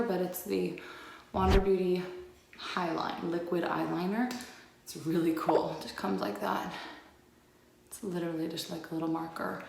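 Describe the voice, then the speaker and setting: A woman's voice: lowish voice, gravelly, slight background noise. Upbeat woman vlogger chatting thru her makeup, kinda breathless, super echoey room. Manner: chatty and upbeat, addressing viewers as friends. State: slightly out of breath. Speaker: lifestyle vlogger. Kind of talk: casual makeup tutorial.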